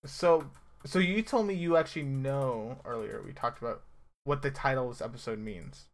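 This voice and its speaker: A man's voice: medium pitch, moderate pace. A man co-hosting a casual chat about a TV episode, teasing his friend and laughing often. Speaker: podcast co-host.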